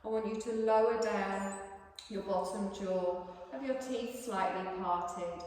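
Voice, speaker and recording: A woman teaching a yoga class, guiding a calm relaxation in a soothing, gently coaxing voice. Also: medium pitch, unhurried, slight background noise. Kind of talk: guided relaxation instruction. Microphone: distant room mic. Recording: echoey hall from far off.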